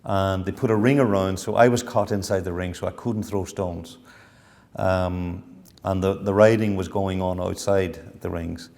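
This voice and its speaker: A man's voice: sits low, steady tone, unhurried, creaky, a little mellow. A middle-aged man, telling a personal story in a reflective lecture. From Ireland. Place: university lecture hall. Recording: long hall reverb.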